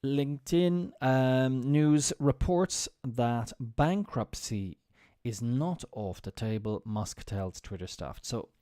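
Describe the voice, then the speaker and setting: A man teaching English on a casual live stream, reading out news and explaining words slowly, repeating and spelling them for his viewers. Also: medium pitch, animated, mellow, no room sound, clean studio sound. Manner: talks to viewers while fumbling with the screen.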